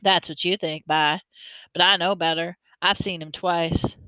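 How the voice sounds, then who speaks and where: A woman reader voicing a young boy who speaks in a halting, stammering, ashamed way. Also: on the low side, fairly even intonation, pushed and bright, clear, resonant tone, no room sound. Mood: pleading.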